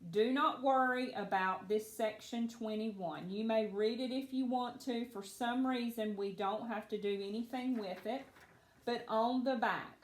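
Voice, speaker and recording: A woman teaching children their phonics, patient and encouraging as she walks through each word. Her voice sits a little high and she talks slowly and deliberately. The sound is roomy, with a noticeable echo. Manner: patient, encouraging, slow and clear.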